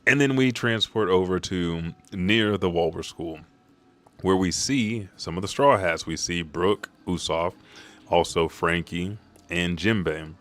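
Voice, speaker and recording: A man recapping a manga chapter, excitable and loose, with frequent swearing. His voice sits low and deep. He talks quickly and casually as he runs through the events. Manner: profane, excitable retelling.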